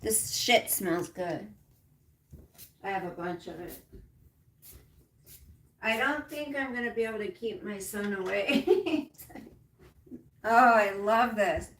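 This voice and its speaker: A woman hosting her own livestream, talking casually to viewers in a medium-pitched voice. She rambles with plenty of fillers, and her tone runs frustrated, with some swearing. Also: slow pace, pauses often, fairly bright tone, a little hiss or hum. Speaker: livestream host.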